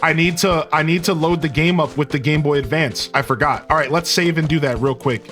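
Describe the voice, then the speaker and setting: A man streamer giving excitable, casual gameplay commentary and talking to his chat. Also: fairly high pitch, a little fast, soft background music. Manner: excitable, talks to chat, says "dude" a lot.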